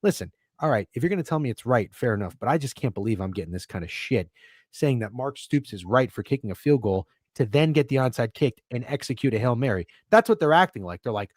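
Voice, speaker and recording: A man's voice: medium pitch, sing-song, fast talker, no echo, studio quality. A man co-hosting a sports betting podcast in a casual, rambling way, swearing and getting worked up when he defends his takes. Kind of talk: casual chat.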